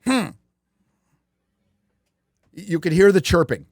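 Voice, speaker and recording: A man's voice: mid-range voice, animated, moderate pace, dry recording, studio quality. A man hosting a livestream show, talking casually in a rambling, profane way with many fillers. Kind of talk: casual chat.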